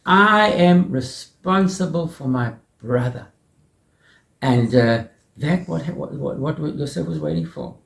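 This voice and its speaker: A man teaching a Torah lesson as a rabbi in an animated way, often repeating words and mixing in Hebrew terms. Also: on the high side, slow, gravelly, roomy sound.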